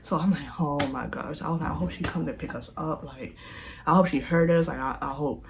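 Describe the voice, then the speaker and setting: Young adult vlogger, casual storytelling, lots of "like", acts out voices, mid pitch, faint hum behind. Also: brisk, gravelly. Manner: animated, acts out quotes, says "like" and "da da da" a lot.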